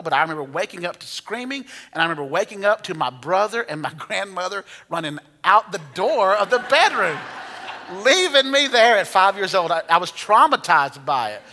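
Bright-voiced preacher in a hall. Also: male voice, high voice. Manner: storytelling with humor, conversational. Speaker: pastor. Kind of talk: sermon.

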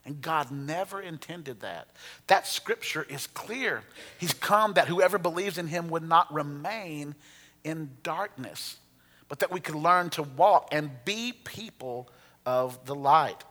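Bright-voiced preacher in a hall. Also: male voice, a little high, slow. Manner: storytelling with humor, conversational. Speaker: pastor. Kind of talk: sermon.

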